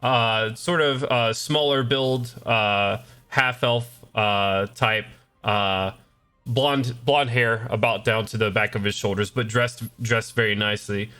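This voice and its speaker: A man's voice: on the low side, steady tone, slow, pushed and bright, clean tone. A man narrating as game master of a tabletop game, rambling with many fillers. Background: faint battle music.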